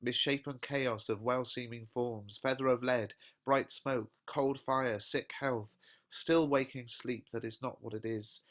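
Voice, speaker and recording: A man's voice: mid-range voice, fairly even intonation, unhurried, fairly bright tone, natural voice. Romeo, lovesick and melodramatic, read by a male teacher. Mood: overwrought. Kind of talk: slow dramatic verse recitation.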